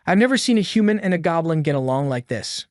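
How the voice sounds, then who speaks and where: A man's voice: a little high, animated, quick pace, darkish tone, dry recording, clean studio sound. A man narrating a story recap in a casual, slangy storytelling manner.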